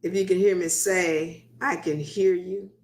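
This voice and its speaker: A woman's voice: lowish voice, fairly even intonation, a little slow, gravelly, darkish tone, reverberant, slight background noise. A woman hosting a live stream, chatting casually and patiently checking whether viewers can hear her.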